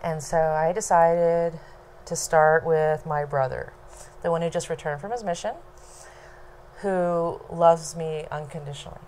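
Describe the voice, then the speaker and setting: A woman telling a personal story to a small audience at home, unhurried and low-key, with laughs between lines. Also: steady tone, darkish tone, a little hiss or hum.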